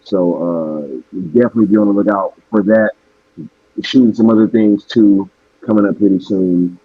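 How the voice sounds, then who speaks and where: Laid-back male streamer, low voice going hoarse, dry slightly dull sound. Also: normal speed, no room sound. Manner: laid-back, slangy, drifting off track. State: losing his voice. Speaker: live stream host. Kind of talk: casual live stream chat.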